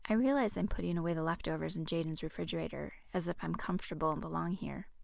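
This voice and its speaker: A woman reading her own romance novel aloud in a soft, hushed first-person narration. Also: low voice, fast talker, vocal fry, no room sound, studio quality. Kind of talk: audiobook narration.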